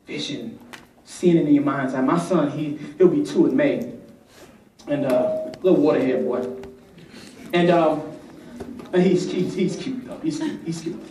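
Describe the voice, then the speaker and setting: A young man giving an energetic motivational speech to a youth conference, calling on the crowd to repeat his words. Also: a little high, a little slow, pauses often, a little hiss or hum. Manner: energetic, rhythmic, rallies the crowd. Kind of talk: motivational speech with call-and-response. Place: large conference hall. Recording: echoey hall from far off.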